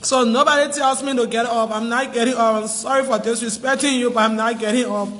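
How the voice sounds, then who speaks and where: A woman's voice: a little high, steady tone, fairly quick, a bit bright, long reverb tail. A Liberian woman making a distressed, tearful plea on a phone livestream, insisting again and again in a pleading tone. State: crying, distressed.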